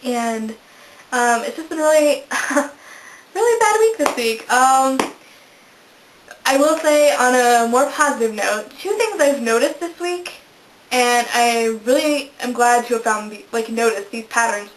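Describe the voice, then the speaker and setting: A woman's voice: on the high side, expressive, unhurried. Giggly young woman vlogging, echoey room. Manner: chatty, giggly, self-deprecating. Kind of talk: casual chat. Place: indoors, a room in a house.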